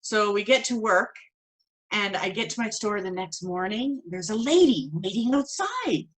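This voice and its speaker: A woman teaching a spiritual course, telling a personal story in an animated way and acting out the voices of the people in it. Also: mid-range voice, a little slow, rough recording. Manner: animated, acts out quoted voices.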